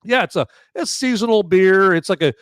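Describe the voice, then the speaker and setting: A man's voice: sits high, animated, normal speed, fairly bright tone, clean tone, no echo, clean studio sound. Rambling man with many fillers. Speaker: podcast host. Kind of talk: casual movie and beer review.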